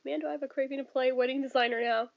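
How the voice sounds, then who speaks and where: This thirties-aged woman speaks very fast in a high, creaky voice with a steady tone. She reads viewer comments in a casual home-stream chat, ranting, swearing bluntly and laughing a lot, all in dull lo-fi audio.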